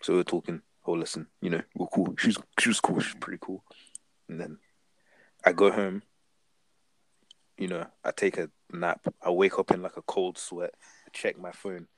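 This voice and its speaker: A man's voice: sits low, flat delivery, normal speed, pauses often, dry recording, rough recording. A young man telling a story in laid-back slangy casual chat.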